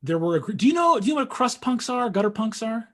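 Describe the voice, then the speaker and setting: A young man telling a story in casual conversation, animated and full of fillers, acting out what people said. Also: very high-pitched, quick pace. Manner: animated storytelling, acts out quotes, frequent fillers.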